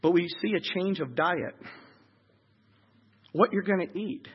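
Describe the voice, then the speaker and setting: A high-voiced man preaching a sermon in an animated way, breaking into shouted voices as he acts out the crowd. His voice is husky and the recording sounds dull and lo-fi. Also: measured pace.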